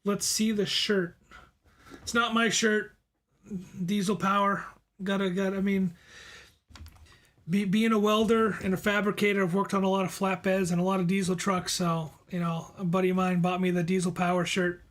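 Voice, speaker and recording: A relaxed man with a Boston accent hosts a live stream and chats with his viewers. His voice sits high but stays level, with little rise and fall. He often restarts and repeats words as he answers. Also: moderate pace. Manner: reads viewer comments aloud and answers them; laid-back, friendly, repeats words and restarts. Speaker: livestream host reading chat. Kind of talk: casual live chat.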